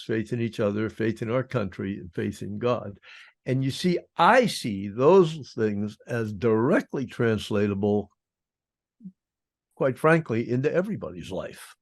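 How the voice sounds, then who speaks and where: Gravelly older man telling his story. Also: medium pitch, a little mellow, no echo, clean studio sound. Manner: plain-spoken, wry and self-deprecating. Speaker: guest speaker, former prisoner of war. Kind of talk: storytelling in an interview.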